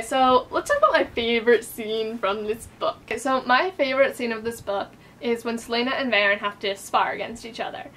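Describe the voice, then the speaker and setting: A woman's voice: on the high side, a bit bright. A woman reviewing a book in a casual vlog, chatty and playful, with lots of fillers.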